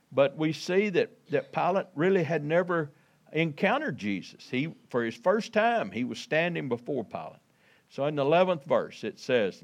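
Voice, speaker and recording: Lively folksy preaching man. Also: mid-range voice. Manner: folksy, conversational preaching that addresses listeners as folks. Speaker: pastor. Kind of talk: sermon with scripture reading.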